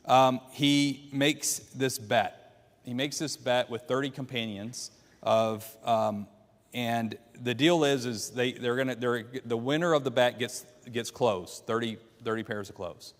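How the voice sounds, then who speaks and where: A man's voice: medium pitch, fairly even intonation, a little slow. Man teaching a Bible class in a hall. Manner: asks the class questions, retells the story. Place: church classroom. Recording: long hall reverb.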